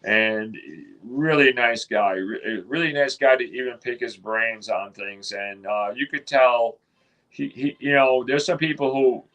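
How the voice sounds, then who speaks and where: A man's voice: medium pitch, measured pace, a bit bright, highs cut off. A man, telling a long story in a casual interview, rambling with many restarts and quoted dialogue. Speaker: interview guest.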